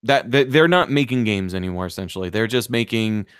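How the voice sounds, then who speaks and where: A man co-hosting a podcast, talking in an animated, profane, excitable way. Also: on the low side, brisk, smooth, no echo, studio quality. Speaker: podcast co-host. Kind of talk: casual chat.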